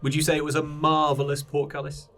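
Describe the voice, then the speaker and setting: A man's voice: a little high, monotone, fast talker, fairly bright tone, faint music behind. A man playing a tabletop game, talking in a jokey, mock-sarcastic way. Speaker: player. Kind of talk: tabletop role-play chat.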